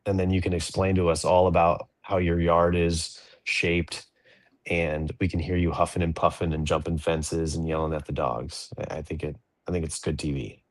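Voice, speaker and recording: A man's voice: low voice, flat delivery, moderate pace, no room sound. A man co-hosting a casual video-call chat, joking and laid-back. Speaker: podcast co-host.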